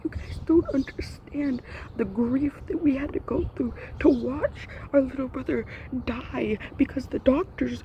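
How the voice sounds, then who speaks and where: Young woman, creaky higher voice, grieving rant, dull lo-fi sound. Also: mellow, slight background noise. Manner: upset, grieving, voice breaking, drops to whispers. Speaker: vlogger. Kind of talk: emotional rant to camera.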